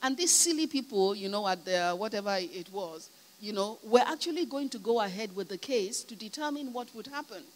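A woman's voice: mid-range voice, lively intonation, brisk. A Nigerian woman preacher telling a story in a sermon, emphatic and full of "you know," asking her listeners whether they are listening. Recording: long hall reverb, faint hum.

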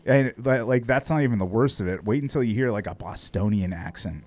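A man's voice: on the low side, a little fast, darkish tone. An American man chatting casually on a live stream, laid-back and chuckling, rambling with restarts. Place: home setup near Philadelphia.

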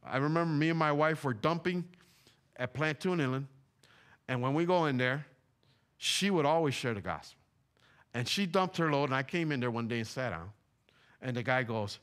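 A man's voice: on the high side, brisk, fairly bright tone. A middle-aged man from Puerto Rico, preaching a fervent sermon in a church, repeating his points with emphasis. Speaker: pastor. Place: church sanctuary.

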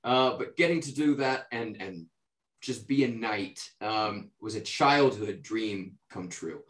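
A man from the United States, an actor, answering interview questions in a relaxed, rambling way, with lots of fillers and restarts. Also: lowish voice, slow. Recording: roomy echo.

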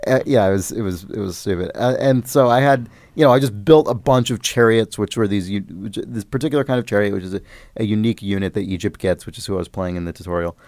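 A man's voice: lowish voice, fast, darkish tone, dry recording. A man on a podcast, telling a long, rambling story about a video game in casual chat, often swearing and getting worked up. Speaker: podcast host.

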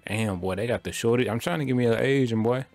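A man's voice: medium pitch, fast talker, a little mellow, soft background music. A young man giving loose, slangy running commentary while playing a video game. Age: young adult. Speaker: gaming streamer. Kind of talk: casual gameplay commentary.

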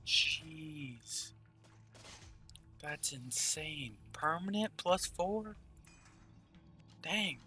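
A man's voice: fairly high pitch, expressive, extremely slow, pauses often, pushed and bright, faint music behind. A man giving casual gameplay commentary, thinking aloud and murmuring game text as he plays. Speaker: gaming channel host.

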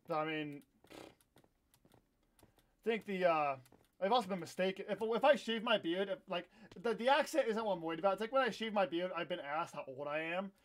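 A young man in his twenties with a fairly high voice chats casually while he plays live. He rambles from one thought to the next and breaks out in sudden loud yelps when the game goes wrong. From Iowa, USA. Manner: rambling and chatty, with sudden loud outbursts during play. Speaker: livestream host. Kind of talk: casual live gameplay chat.

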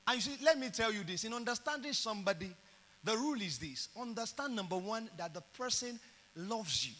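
Nigerian male preacher, middle-aged, bright high voice, lively storyteller in an echoey hall. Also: a little fast. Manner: animated storytelling, acts out dialogue. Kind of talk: sermon.

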